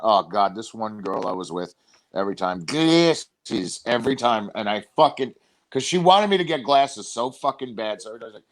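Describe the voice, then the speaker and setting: A man co-hosting a podcast in casual chat, an animated storyteller who swears and mimics how others pronounce words. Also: fairly low pitch, fast talker. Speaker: podcast co-host.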